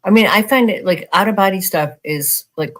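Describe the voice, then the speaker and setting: Give me a podcast co-host chatting casually at a middle pitch, stopping and restarting, leaning hard on "like" and "you know what I mean". The delivery feels loose and unscripted. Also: normal speed, fairly bright tone. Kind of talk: casual conversation.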